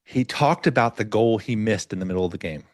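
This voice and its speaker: A middle-aged man hosting a podcast, telling a story in an animated way and acting out the voices of the people in it. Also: on the low side, fast, no room sound, clean studio sound. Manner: animated storyteller, acts out quoted dialogue. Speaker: podcast host. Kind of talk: casual podcast conversation.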